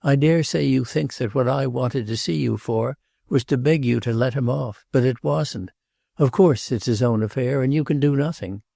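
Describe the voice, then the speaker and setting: A male audiobook narrator voicing a restless, earnest princess who speaks gravely and pleads. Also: medium pitch, normal speed, dark tone, no room sound, clean studio sound. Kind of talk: audiobook character reading.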